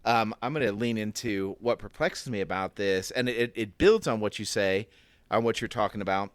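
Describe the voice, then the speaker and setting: A man's voice: fairly low pitch, moderate pace, no echo. A man co-hosting a casual Bible discussion podcast, thinking aloud and acting out the questions in his head. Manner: reflective, thinks aloud with restarts and acted inner questions. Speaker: podcast co-host.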